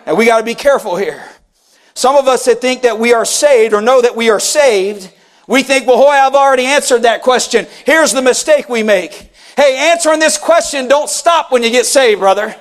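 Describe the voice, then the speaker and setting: Fervent high-voiced male preacher shouting. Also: moderate pace. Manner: fervent, rhythmic, calls for response. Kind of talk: shouted revival sermon. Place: church.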